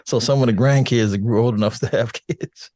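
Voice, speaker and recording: An older man with a deep, calm radio voice, chatting casually as a podcast guest, relaxed and laughing, with halting restarts. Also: dry recording. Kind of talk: casual interview chat.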